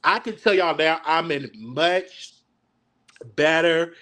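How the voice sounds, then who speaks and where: A man's voice: on the high side, slow, pushed and bright. A man hosting a casual reaction chat, stammering and flustered as he mocks himself. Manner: stammering, flustered, self-mocking. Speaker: show host.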